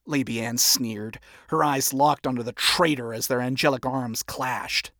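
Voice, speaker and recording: A narrator reading a fan story aloud in a steady storytelling manner. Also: mid-range voice, measured pace, hardly any pauses, no room sound, clean studio sound. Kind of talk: amateur audiobook reading of fan fiction.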